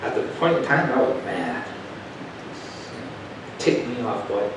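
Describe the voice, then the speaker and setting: A man preaching a storytelling sermon in a folksy way, going from quiet asides to loud, emphatic telling. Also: on the low side, expressive, a little slow, noisy background. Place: church sanctuary. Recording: echoey church room heard from a distance.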